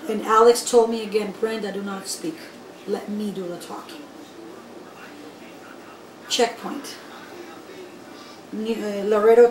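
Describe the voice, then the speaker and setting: A woman from Guatemala, telling her own story in an interview in an animated, emphatic way and speaking straight to the listeners. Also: mid-range voice. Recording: echoey room, voice from far off, faint background noise.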